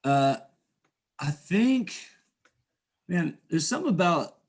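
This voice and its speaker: A man co-hosting a casual podcast chat, telling stories in an animated way and laughing often. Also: a little high, slow pace. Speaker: podcast co-host.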